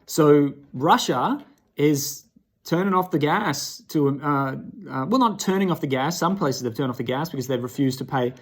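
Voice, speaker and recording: A man's voice: fairly high pitch, moderate pace. Man rambling to camera, emphatic. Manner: rambling, asks the viewer "right?" often. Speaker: vlogger. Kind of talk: casual talk to camera.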